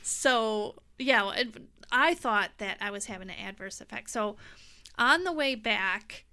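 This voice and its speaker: Middle-aged woman guest with a bright, clear voice, a fairly high pitch, an animated storyteller. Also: measured pace. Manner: animated, laughs often, acts out quotes. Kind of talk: casual storytelling.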